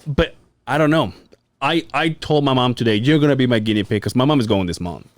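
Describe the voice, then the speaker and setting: A man's voice: medium pitch, fairly quick, dry recording. A man from Mexico, a podcast co-host, chatting casually and rambling with lots of fillers and restarts. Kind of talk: casual chat.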